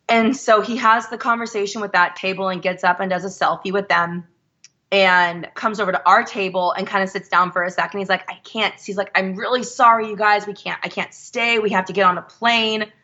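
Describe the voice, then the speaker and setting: Woman guest, bright and forceful, animated storyteller, dull lo-fi recording. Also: mid-range voice, moderate pace. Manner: animated, quotes others in her story. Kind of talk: casual storytelling.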